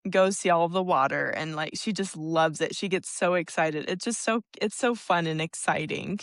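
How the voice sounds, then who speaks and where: A woman's voice: fairly low pitch, moderate pace, no echo, clean studio sound. A young woman co-hosting a podcast, chatting casually, giggling often and filling her speech with "like.". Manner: giggly, laughs often, many fillers. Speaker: podcast co-host.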